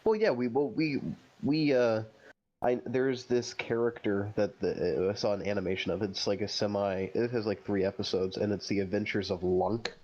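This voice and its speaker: A man's voice: lowish voice, fairly even intonation, moderate pace, darkish tone. A man co-hosting a casual chat over a remote call, rambling with lots of filler words. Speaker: co-host. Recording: dull lo-fi call audio.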